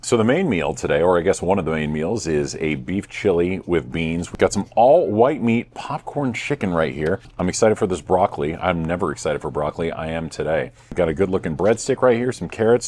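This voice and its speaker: A man in his thirties hosting a casual food review vlog, playful and self-mocking with deadpan jokes. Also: low voice, a little fast, slight background noise. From United States. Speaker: host.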